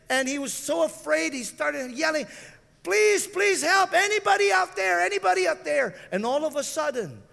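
A male pastor preaching, often stopping to ask his listeners if they are still with him. His voice sits very high and has a gravelly rasp, and it echoes through a reverberant hall. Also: sharp tone. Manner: preaching with frequent call-outs to the listeners. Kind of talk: sermon.

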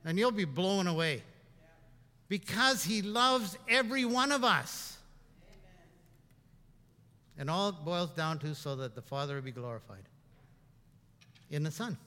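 A man's voice: sits high, expressive, measured pace, long pauses, bright, forceful tone, in a large hall. A middle-aged man from Canada, a pastor preaching a conversational sermon in a church, often repeating words and rising for emphasis. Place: church sanctuary.

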